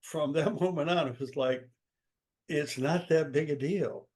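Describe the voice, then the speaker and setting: An older man, a guest author and speaker from the United States, giving advice in a lively interview, acting out quotes with sudden jumps in his voice. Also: a little slow. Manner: animated, acts out quotes with sudden pitch jumps.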